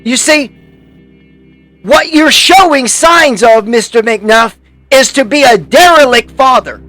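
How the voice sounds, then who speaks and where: A man's voice: very high-pitched, expressive, takes it slowly, bright, forceful tone, soft background music. A man hosting a YouTube commentary, delivering a heated, profane rant full of restarts and angry outbursts.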